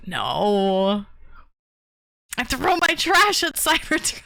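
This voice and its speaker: A woman's voice: medium pitch, expressive, slow, a bit bright, no echo. A woman hosting a casual livestream, chatting with viewers, laughing often and swearing casually. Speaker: livestream host reading chat.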